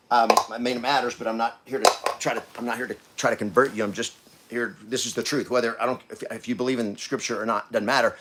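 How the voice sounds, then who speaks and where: A man in his fifties hosting a podcast, giving a preachy motivational talk that swings between loud bursts and hushed asides. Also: medium pitch. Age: 50s. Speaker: podcast host.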